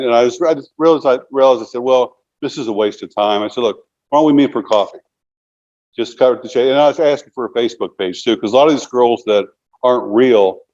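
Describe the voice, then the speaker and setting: A man's voice: medium pitch, a little mellow, dull audio. A man in his sixties, an interview guest telling long casual stories, rambling and filling them with "you know". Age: 60s.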